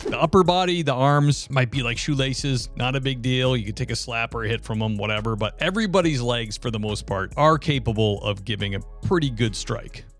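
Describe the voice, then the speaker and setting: A man's voice: medium pitch, brisk, hardly any pauses, a bit bright. A man hosts reaction commentary over police footage, dropping wry, dry asides in an ordinary mid-range voice. Faint music plays underneath him. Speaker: commentator host.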